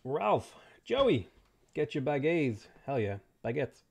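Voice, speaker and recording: A man streaming a game, casually greeting viewers by name and giving quick offhand answers to their questions. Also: a little high, big pitch swings, gravelly, breathy edge. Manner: greets chat viewers by name between game setup remarks. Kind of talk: casual live-stream chat.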